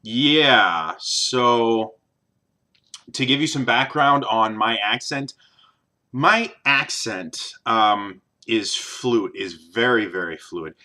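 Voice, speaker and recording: A man's voice: mid-range voice, lively intonation, slow, pushed and bright. A young man with a neutral General American accent, talking casually to camera in a rambling vlog, with many ums and restarts. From American Midwest. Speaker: vlogger.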